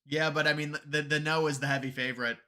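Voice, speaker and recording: A man's voice: a little high, flat delivery, fast talker, bright, forceful tone. A man hosting a live stream, chatting casually and sarcastically about politics with many restarts.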